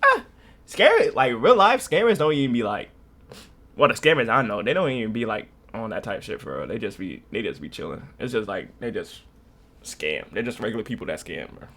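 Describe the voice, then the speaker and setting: A man's voice: mid-range voice, sing-song, brisk, a bit bright. A young man from North Carolina rambling in slangy casual reaction commentary. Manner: rambling, slangy, laughing storyteller. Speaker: reaction streamer.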